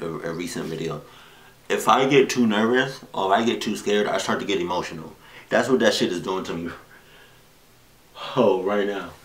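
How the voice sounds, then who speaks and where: A man reacting to videos in casual commentary, excitable, with frequent swearing and loud outbursts. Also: lowish voice. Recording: roomy echo.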